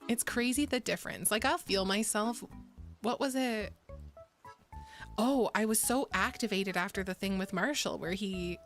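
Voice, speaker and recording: A woman's voice: mid-range voice, normal speed, soft background music. Profane, laughing woman streamer chatting. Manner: candid and profane, laughs often, gasps at stories. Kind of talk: casual chat reading viewer messages.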